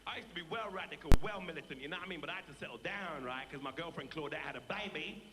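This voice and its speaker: A man's voice: fairly high pitch, quick pace, lightly acted. A man playing a brash, boastful young Brixton man with a South London accent in a stand-up character act. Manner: boastful, swaggering patter. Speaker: comedian in character. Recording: roomy noisy live tape.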